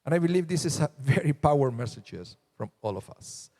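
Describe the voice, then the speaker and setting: Rabbi's sermon in a reverberant hall. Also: male voice, fairly high pitch, expressive, mellow. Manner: unhurried and conversational, acting out voices from the text. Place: synagogue sanctuary.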